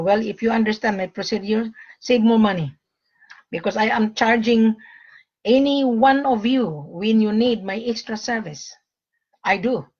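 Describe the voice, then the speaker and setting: Blunt husky-voiced woman on a live stream. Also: a little high, lo-fi sound. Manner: blunt, lecturing, with frequent "mm-hmm". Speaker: gold seller hosting her own page. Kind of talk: casual live-stream talk to viewers.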